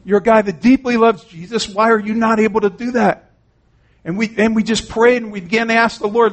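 A man's voice: sits high, steady tone, a little fast. A man preaching an earnest, conversational sermon, retelling conversations and often saying "man". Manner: frequent "man" and restarts.

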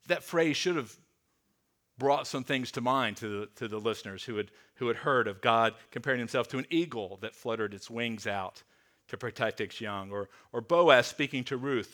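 A man, a pastor, preaching a sermon in an earnest way, slowing and dropping soft on key words. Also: mid-range voice. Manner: earnest, slows and drops softly on key words; repeats words while restarting.

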